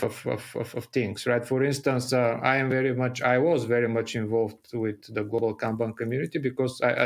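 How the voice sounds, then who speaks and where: Gravelly-voiced man, halting interview answers. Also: medium pitch. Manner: hesitant, many fillers and restarts. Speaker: interview guest, startup founder. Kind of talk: conversational interview.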